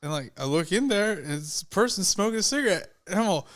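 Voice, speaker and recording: Young dude guest, high voice, animated storytelling, swears a lot. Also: male voice, quick pace. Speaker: podcast guest. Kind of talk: casual storytelling.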